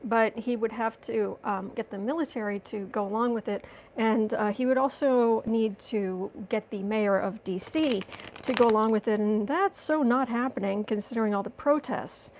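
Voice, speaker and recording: A woman's voice: fairly high pitch, normal speed, a little mellow, slight background noise. A woman hosting a livestream as a tarot reader, chatting casually and sarcastically while reading out viewer comments.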